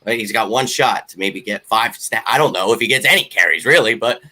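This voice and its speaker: A man co-hosting a casual sports chat, excitable and joking. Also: lowish voice, fairly quick. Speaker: podcast co-host.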